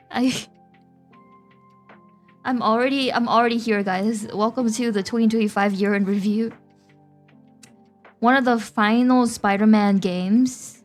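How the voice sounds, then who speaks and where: Giggly young woman streamer, slightly high. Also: steady tone, measured pace, pauses often, faint music behind. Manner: giggly, chatty, often laughing between phrases. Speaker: VTuber streamer. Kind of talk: casual chat with stream viewers.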